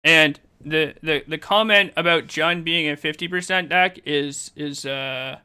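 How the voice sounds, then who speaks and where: A male streamer answering his chat while playing a card game, quick and argumentative. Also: on the high side, pushed and bright, smooth.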